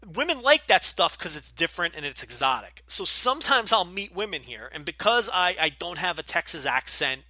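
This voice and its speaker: A man with a New Jersey accent hosts a podcast Q&A in a bright, forceful voice that sits slightly high for a man. He talks bluntly and swears freely, dry and close to the mic. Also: no room sound. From Northeastern US, New Jersey. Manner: blunt, profane, opinionated. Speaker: podcast host. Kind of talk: casual Q&A podcast.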